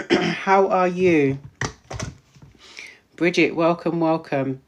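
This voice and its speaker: A woman host, a menopause wellness practitioner, chatting casually on a live stream, greeting viewers by name, repeating herself, her voice starting to go hoarse. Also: fairly low pitch, extremely slow. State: voice going hoarse.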